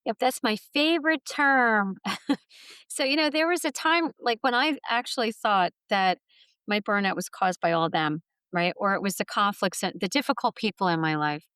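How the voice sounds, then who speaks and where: A middle-aged woman, a guest author being interviewed, recounts her own story earnestly and from the heart. Her mid-range voice is smooth, resonant, a bit bright and animated, at a moderate pace. The recording is close and dry.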